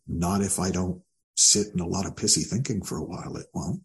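A man speaking as a guest coach in an interview, calm and thoughtful with a gently wry turn. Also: low voice, moderate pace. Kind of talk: reflective interview talk.

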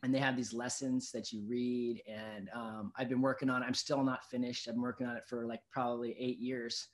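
Talking a little fast in a medium-pitched voice, a man guesting on a podcast relates a personal story casually. He's lively, swears freely, and often checks in with "you know what I mean."

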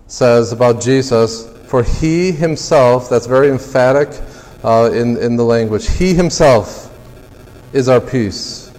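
A man delivers a sermon as pastor, pushing his voice up on key phrases and then dropping it low and quiet. His voice is of medium pitch for a man. It rings out with the long reverb of a large hall. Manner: emphatic preaching, climbs louder and higher on key phrases then drops low.

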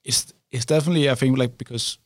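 A man's voice: medium pitch, fairly even intonation, fast talker, dry recording, clean studio sound. A man in casual podcast chat, reflective, often checking in with "right?". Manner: reflective, frequent "right?" tags. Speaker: YouTuber, podcast co-host.

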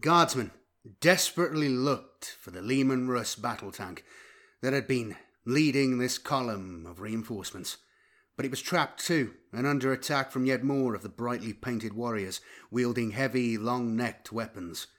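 Man narrating war fiction intensely. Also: mid-range voice. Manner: intense, dynamic delivery with sharp swells in loudness. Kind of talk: dramatic audiobook reading.

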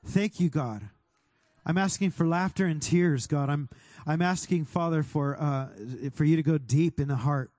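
A pastor leading a fervent prayer over his congregation, speaking directly to God and sometimes rising to a shout. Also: fairly high pitch, normal speed, dry recording, studio quality. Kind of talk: sermon prayer.

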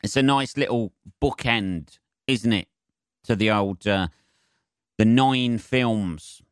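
A young man rambles through a solo podcast, chatty and full of swearing. His voice sits fairly low and comes across smooth and clean. It sounds close and dry, with no room around it. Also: dry recording. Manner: sweary, chatty, self-mocking. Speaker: podcast host.

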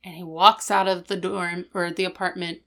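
A woman's voice: on the low side, little pitch movement, moderate pace, creaky, a bit bright. A young woman co-hosting a podcast, recapping a TV episode in casual chat and acting out the characters' lines. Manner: chatty, with many fillers like "like" and "um". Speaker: podcast co-host.

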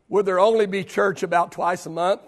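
A man preaching a sermon as pastor, repeating rhetorical questions, building to shouts and then dropping to a hush. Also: high-pitched, steady tone, moderate pace. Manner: preaching with rising shouts and sudden hushed drops.

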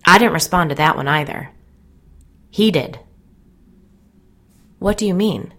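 A woman's voice: on the low side, animated, unhurried, fairly bright tone. A woman reading an audiobook, voicing a troubled, volatile young man who speaks anxiously and earnestly. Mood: agitated.

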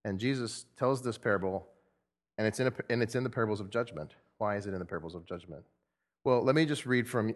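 A man preaching a lively sermon to a group, telling a parable and acting out the voices of its characters. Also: fairly low pitch. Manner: animated storyteller, acts out voices.

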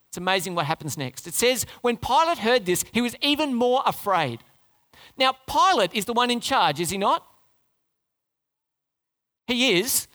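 Preaching from the pulpit, this man recounts a story, posing rhetorical questions and now and then sinking dramatically into a quiet, low tone.

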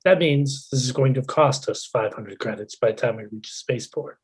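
A man doing a deadpan, husky droid. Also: mid-range voice, fairly quick. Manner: formal, deadpan, calls the other player sir. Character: deadpan male droid, dry and calculating.

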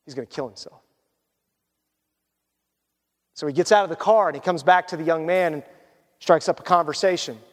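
A male pastor delivers a sermon in a loose, conversational storytelling way, sinking to a hush when the story turns heavy. His voice sits high for a man. The sound rings with the long reverb of a church hall. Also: fast talker. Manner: conversational and storytelling, drops to hushed tones for emotional moments.

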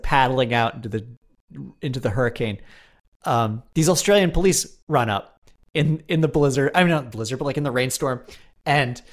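A man in casual comedic chat, rambling through stories, laughing often and swearing offhand. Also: mid-range voice.

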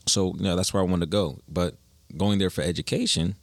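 A young man with a deep, low voice tells his story in a relaxed, slangy way. He sounds like a musician guest in a casual interview. The sound is close and dry, with no room around it. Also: a little fast, creaky, no echo. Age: young adult. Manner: laid-back slangy storytelling.

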